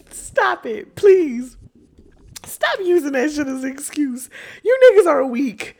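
A young woman hosts a casual podcast rant, cursing heavily, laughing a lot, and mocking the people she discusses. Her high, animated voice has a darkish tone and takes its time, with soft music playing behind her.

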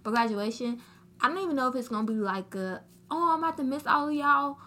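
Teen girl podcast cohost, bright tense voice, kinda high, slangy animated chatter. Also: fast. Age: teens. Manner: animated, slangy storytelling with quoted asides. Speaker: podcast co-host. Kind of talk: casual chat.

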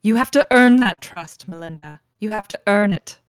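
A woman plays a haughty woman who runs a girls' school in a tabletop game, and she talks down to her staff. Every line is slow and measured and full of polite condescension. The sound is dry and close. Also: a little high, animated, dry recording. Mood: patronizing.

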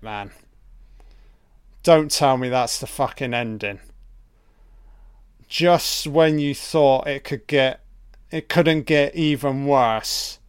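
A man's voice: medium pitch, slow pace, long pauses, clear, resonant tone, no room sound, clean studio sound. A man giving a profane, sarcastic film commentary, ranting in exasperation. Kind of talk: audio commentary rant.

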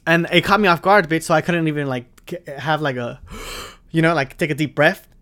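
A young man with a fairly high voice tells a wild story from his own life, cursing freely and rambling through the details. He talks casually, like he's on a solo podcast, and builds up the drama as he goes. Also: brisk, bright, forceful tone. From Arizona. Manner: profane, rambling, dramatic retelling. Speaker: podcast host.

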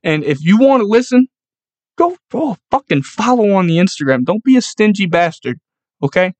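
A man's voice: high voice, expressive, normal speed, no room sound. Profane, hyped-up young male podcast host. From New York. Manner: profane, rowdy, hyped-up ranting. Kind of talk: casual solo podcast monologue.

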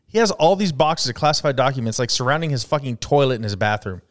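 A man's voice: medium pitch, fast. A man in a casual podcast chat in a garage, telling stories with casual swearing. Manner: animated storyteller, swears casually. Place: home garage.

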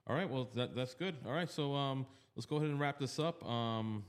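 A man's voice: medium pitch, brisk, clear, resonant tone. A man hosting a podcast interview, easygoing, asking questions and chiming in with short agreements. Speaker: podcast host.

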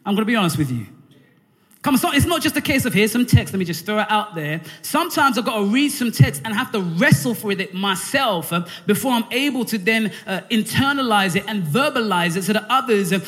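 A male preacher delivers a sermon in a church, talking in a loose, conversational way and calling out to the congregation. His voice sits high for a man, and long reverb trails each phrase through the room. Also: fairly quick. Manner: energetic call-and-response preaching; conversational, with frequent fillers and restarts. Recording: hall reverb.

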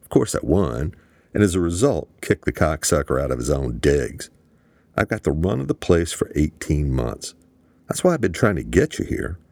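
A brash, swaggering gambler brother, voiced by a man in an audiobook. The voice is very deep and gravelly, crude and excitable, and it is recorded close and dry. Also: normal speed, no room sound, heavily acted. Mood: boastful. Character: brash, boastful grown man, a party-loving gambler brother.

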